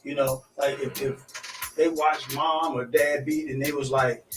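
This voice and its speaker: Measured man in a roomy echo. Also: mid-range voice, level tone, far from the mic, faint music behind. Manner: measured, reflective explainer. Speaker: podcast co-host. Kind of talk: casual group chat.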